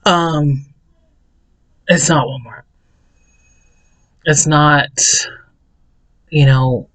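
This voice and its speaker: A man's voice: mid-range voice, rough recording. A man vlogging a personal confessional monologue, rambling and repeating words in bursts. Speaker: self-help vlogger.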